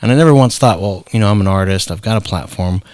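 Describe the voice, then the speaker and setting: A middle-aged man with a very deep, low voice tells his story in an easy, conversational way. He slips into the voices of the people he quotes. The sound is dry and close to the mic. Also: quick pace, a little mellow, clean tone, dry recording. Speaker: guest, founder and artist. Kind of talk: casual storytelling interview.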